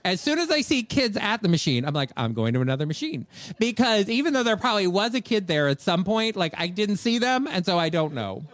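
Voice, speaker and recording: A man's voice: high-pitched, very animated, fairly quick, few pauses, a bit bright, no echo. A man co-hosting a live comedic podcast, ranting and acting out people in exaggerated voices. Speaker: podcast co-host.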